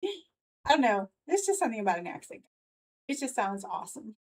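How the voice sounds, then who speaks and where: A woman's voice: fairly high pitch, big pitch swings, a little fast, a little hiss or hum, rough recording. Chatty woman hosting a live stream. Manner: chatty and loose, laughs often, many fillers. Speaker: livestream host. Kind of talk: casual live commentary.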